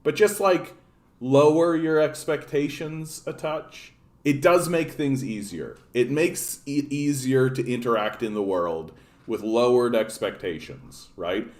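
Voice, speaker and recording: A man from Canada hosts a casual political livestream, his voice sitting at an ordinary middle pitch. He rants with plenty of profanity and keeps turning aside to greet viewers in the chat. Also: measured pace, a little mellow.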